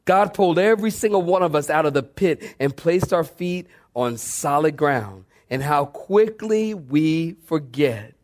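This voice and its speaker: A male pastor in full sermon mode, his voice sitting a bit high for a man. He preaches with fervor, dropping low and soft, then climbing sharply as he presses his point, sweating as he goes. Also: animated, measured pace, few pauses. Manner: preaching with rising fervor and dramatic pitch swings. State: sweating from exertion.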